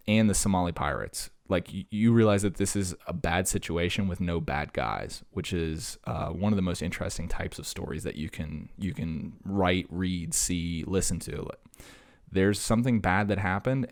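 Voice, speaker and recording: Deep-voiced man rambling casually. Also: a little mellow. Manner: rambling, jokey, self-deprecating, lots of fillers. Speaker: podcast host. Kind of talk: casual solo chat.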